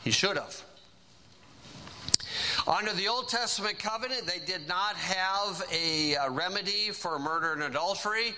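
A man preaching a sermon, reading scripture aloud and stressing key phrases with slow, drawn-out emphasis. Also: high-pitched, bright, forceful tone, low-quality recording.

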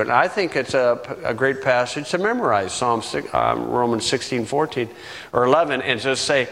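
A man preaching a sermon, teaching verse by verse in a conversational way, with chuckling asides and key words drawn out slowly. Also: mid-range voice, expressive, creaky, a bit bright. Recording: long reverb from the room.

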